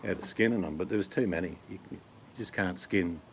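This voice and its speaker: Middle-aged Australian man, low voice, rambling blokey chat with viewers, faint hiss behind. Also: brisk. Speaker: vlogger answering chat. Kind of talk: casual chat.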